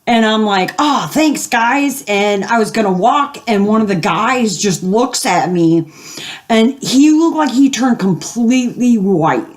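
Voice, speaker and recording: A woman's voice: medium pitch, animated, measured pace. An older woman telling a long story casually at home, rambling with fillers and acting out the voices of the people she quotes. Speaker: gaming video host.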